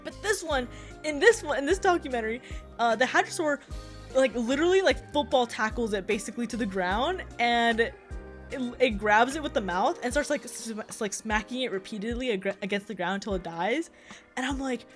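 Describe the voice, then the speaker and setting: A young woman VTuber streamer in casual, animated livestream chat, swearing and laughing often with lots of fillers. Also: on the high side, brisk, soft background music.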